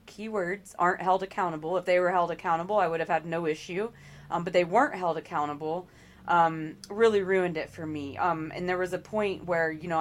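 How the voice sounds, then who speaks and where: A middle-aged woman speaking as an interview guest, telling her story earnestly with frequent ums and restarts. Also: on the low side.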